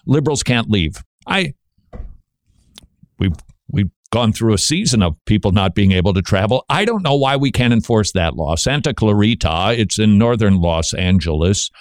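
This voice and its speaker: A man's voice: lowish voice, big pitch swings, normal speed, no room sound, clean studio sound. A man hosting a talk radio show, delivering a monologue full of wry, joking asides.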